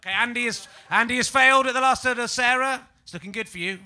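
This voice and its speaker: A man's voice: extremely high pitch, quick pace, sharp tone. A man hosting a live comedy podcast on stage, teasing the audience as a laughing quizmaster. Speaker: podcast host running an audience quiz.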